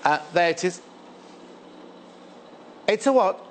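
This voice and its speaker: A man's voice: sits high, sing-song, a little slow, long pauses. A middle-aged man presenting on a live shopping channel, chatting playfully with many stumbling restarts. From England. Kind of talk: live TV sales chat.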